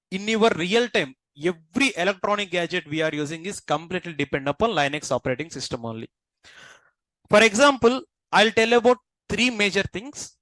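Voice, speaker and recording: Man, classroom instructor, quizzes students often, high-pitched, dry close sound. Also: a bit bright, no echo, poor audio. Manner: asks the class frequent check questions. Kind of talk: classroom lecture.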